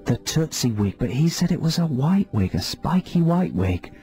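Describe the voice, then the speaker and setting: A male radio host doing deadpan mock-hypnotist patter with callers, speaking into a studio microphone. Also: fairly high pitch, moderate pace, faint music behind. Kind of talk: comedy radio banter.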